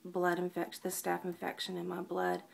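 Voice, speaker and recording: A weak, out-of-breath woman lying down at home, talking softly in a personal video diary and often dropping to a whisper. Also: fairly low pitch, completely flat delivery, moderate pace, creaky. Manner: tired, soft-spoken, often drops to a whisper. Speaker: vlogger.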